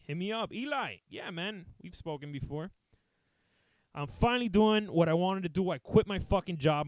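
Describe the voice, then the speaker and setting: A man's voice: fairly high pitch, clean tone, no room sound. A man, a comedian, telling a rambling, profane story casually to his live chat. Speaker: comedian and streamer.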